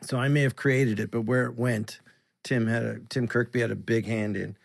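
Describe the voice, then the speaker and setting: A man from Canada, a guest on a podcast, chatting casually and telling animated stories that slip into comic voices. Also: mid-range voice, moderate pace, creaky. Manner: animated storyteller, often slips into comic voices. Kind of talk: casual chat.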